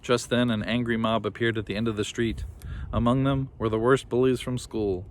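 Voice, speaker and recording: A man reads a children's storybook aloud, lively and expressive. His voice sits at a middle pitch. Faint ambience hums behind him. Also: moderate pace, a little hiss or hum. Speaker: reader.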